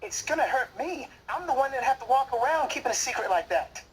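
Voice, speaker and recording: A man's voice: sits high, moderate pace, slight background noise, lightly acted, low-quality recording. An actor in a TV drama, playing a man who talks in a defensive, guilt-ridden, pleading way. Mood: anguished. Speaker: soap opera character. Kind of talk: TV drama acting.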